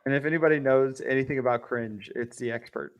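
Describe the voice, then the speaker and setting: A man's voice: medium pitch, fast talker. A man co-hosting a casual political commentary show, explaining things with many fillers and easy laughs. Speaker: co-host.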